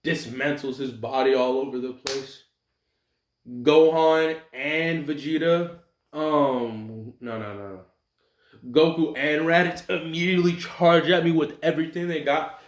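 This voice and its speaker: A young man tells a made-up fan story in a loose, rambling way, full of slang and homemade sound effects. His voice sits a little high for a man. The recording is roomy and echoey, as if made in a bare room at home. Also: measured pace. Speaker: storyteller narrating an imagined fan scenario. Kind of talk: casual animated retelling with voiced quotes.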